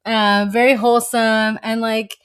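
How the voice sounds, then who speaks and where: A woman co-hosting a podcast in casual chat, expressive and quick to laugh, with lots of filler words. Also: on the high side, clear, resonant tone. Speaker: podcast co-host.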